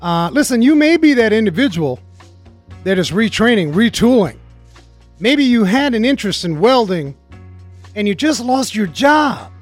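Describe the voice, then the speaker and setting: Man, radio host, high voice, very lively pitch, energetic and jokey. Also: moderate pace, faint music behind. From Arizona. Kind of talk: car talk radio show.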